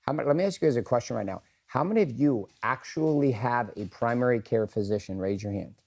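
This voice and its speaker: A man's voice: medium pitch, fairly quick, vocal fry, a little mellow. A middle-aged man leading a group session, talking to the room in a blunt, earnest way. He swears freely and polls the audience for a show of hands. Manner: asks the room questions and polls for raised hands. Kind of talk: candid motivational talk to a group.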